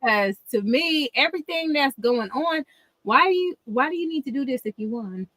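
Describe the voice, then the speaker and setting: A woman hosting a casual commentary livestream, her voice bright and forceful and pitched a bit high. She tells stories with animated energy, slang and frequent laughter. The sound is dry and close, with no room echo. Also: normal speed. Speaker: livestream host.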